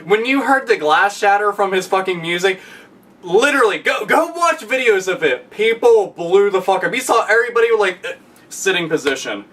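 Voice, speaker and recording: A man ranting casually and profanely, excitable, often breaking into loud shouted impressions. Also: sits high, moderate pace, recorded from a distance. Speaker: podcast guest.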